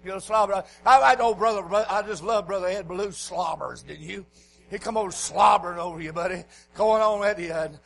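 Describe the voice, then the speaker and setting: A man preaching a folksy revival sermon in a church, dropping to quiet asides and rising to shouts. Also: fairly quick, slight background noise, poor audio. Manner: folksy, swings from low murmurs to hoarse shouting.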